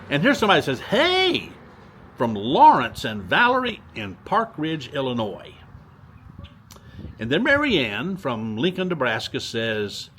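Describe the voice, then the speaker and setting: A man's voice: mid-range voice, pushed and bright, a little hiss or hum. An older man chatting casually as he walks outdoors, reading viewer comments and repeating his greetings. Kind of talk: casual walking vlog. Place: outdoors downtown street.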